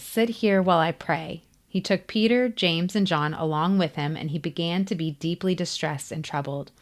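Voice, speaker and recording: Low-voiced woman reading scripture aloud. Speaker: scripture reader.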